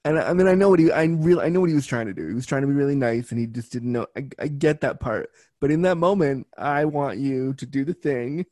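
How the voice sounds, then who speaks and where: A man's voice: mid-range voice, fast, few pauses, warm tone, dry recording. A man talking as a guest, telling a personal story frankly and bluntly, with lots of fillers. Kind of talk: casual storytelling.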